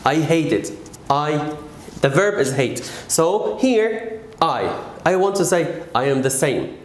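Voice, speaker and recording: A man teaching an English grammar lesson, patient and stressing key words slowly. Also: on the high side, big pitch swings, roomy sound.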